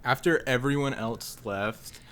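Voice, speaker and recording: A young man in a casual podcast chat, talking haltingly with stammered restarts and swearing. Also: mid-range voice, fairly bright tone, smooth. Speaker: podcast guest.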